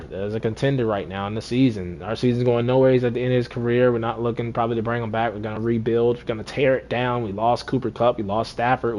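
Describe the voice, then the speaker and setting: A man casually commentating his own football video game run, talking to himself, repeating lines and swinging between deflated and excited. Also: medium pitch, a little hiss or hum. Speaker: gaming streamer.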